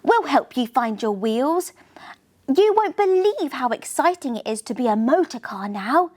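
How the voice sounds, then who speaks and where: A woman's voice: high-pitched, sing-song, measured pace, a little mellow, exaggerated voice. A woman voicing Eco, a cheeky, boastful boy car, talking eagerly.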